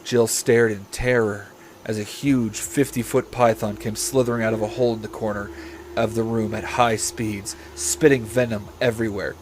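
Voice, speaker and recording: A man hosting a comedy podcast, reading a story aloud in a deadpan voice that he breaks with swearing and asides. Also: lowish voice, moderate pace, a little hiss or hum. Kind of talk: comedic read-aloud with banter.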